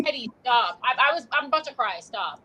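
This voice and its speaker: Brief: female panelist, very high and animated voice, incredulous outbursts, loud crowd behind. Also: a little fast. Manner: incredulous, exclamatory. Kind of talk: casual panel discussion.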